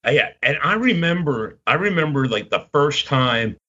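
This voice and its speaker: A man's voice: fairly high pitch, very animated, moderate pace, bright, forceful tone, dull audio. A man in his fifties from Baltimore, telling long rambling stories in casual podcast chat. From Baltimore, Maryland. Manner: rambling anecdotes, acts out quoted voices.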